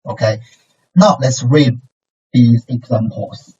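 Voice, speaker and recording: A man teaches a recorded language lesson at a very slow, deliberate pace, his voice husky. He patiently models sounds for listeners to repeat and keeps checking in with "okay" and "right". He sounds set back from the mic, in a dull, lo-fi recording. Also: mid-range voice, a little mellow, far from the mic. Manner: models syllables and tones for repetition.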